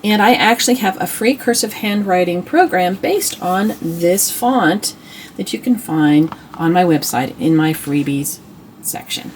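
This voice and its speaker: A woman's voice: on the low side, a little hiss or hum. A middle-aged woman hosting a homeschool channel, chatting casually and admiringly as she shows old reading books, with restarts and asides. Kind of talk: casual show-and-tell book review.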